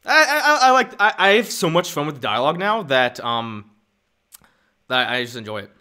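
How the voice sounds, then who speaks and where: Animated, laughing young man streaming. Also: a little high, moderate pace. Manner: animated, laughs often, restarts a lot. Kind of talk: casual live-stream chat.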